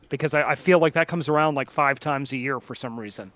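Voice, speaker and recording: A man's voice: medium pitch, fast, fairly bright tone, dry recording. A man co-hosting a casual podcast with friends, rambling with lots of fillers and restarts. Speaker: podcast co-host. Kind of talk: casual chat among friends.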